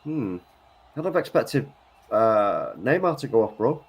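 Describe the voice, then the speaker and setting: A man chatting casually through a live football match, relaxed and a bit hesitant. His speech is loose and full of fillers, and he now and then calls his friend "bro". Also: medium pitch, a little slow, breathy edge. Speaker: co-host of football watchalong.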